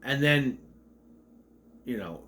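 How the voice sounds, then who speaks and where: A man's voice: mid-range voice, expressive, takes it slowly, a bit bright. A man giving a casual, rambling movie rant, with a slight stutter, acting out quotes in raised voices. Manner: mentions a stutter. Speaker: movie reviewer.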